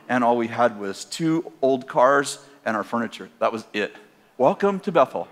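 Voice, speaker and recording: An older man from Northern California, preaching by telling a personal story in a conversational, animated way and laughing at his own tale. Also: medium pitch. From Northern California, USA.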